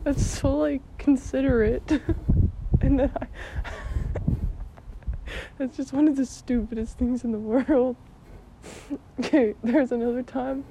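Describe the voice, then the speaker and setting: A woman's voice: sits high, fairly even intonation, slow, pauses often. A young woman from Alberta, Canada, casually telling childhood stories, giggling often and swearing freely. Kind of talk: casual storytelling vlog. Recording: dull lo-fi with loud noise.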